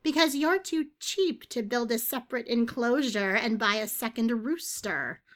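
A woman voicing a cheeky half-human, half-bird woman with a gravelly, rasping voice and a needling, whiny manner. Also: a little high, expressive, normal speed, fairly bright tone.

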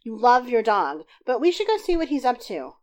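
A woman reading the lines of a calm, patient husband who gently teases his wife, in an even, unhurried way. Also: very high voice, voice pushed up, exaggerated voice.

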